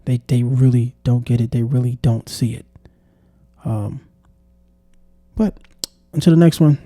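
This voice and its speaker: Exasperated man, dark dry voice. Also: medium pitch, measured pace, dry recording. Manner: exasperated, repeats "come on, man". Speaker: vlogger. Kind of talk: casual political commentary monologue.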